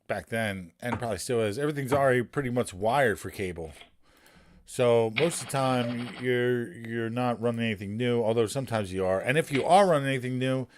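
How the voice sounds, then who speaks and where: A man's voice: mid-range voice, a little hiss or hum. A man, a poker streamer telling long rambling stories in casual, profane chat.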